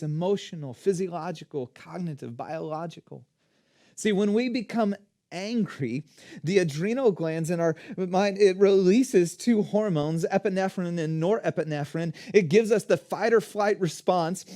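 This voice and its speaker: A man preaching a sermon as a pastor, in an energetic, conversational teaching manner. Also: sits high.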